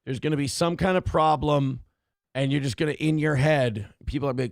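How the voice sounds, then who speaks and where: A man's voice: medium pitch, moderate pace, vocal fry. A man hosting a livestream who rambles, swears freely and reads viewer messages aloud. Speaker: livestream show host. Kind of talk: casual livestream chat.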